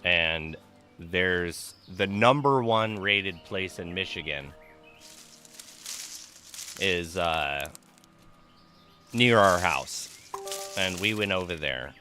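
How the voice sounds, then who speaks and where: A man streaming a game, chatting casually and telling stories in an animated, ranting way, swearing freely. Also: low-pitched, slow pace, pauses often, soft background music. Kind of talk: casual live-stream chat while gaming.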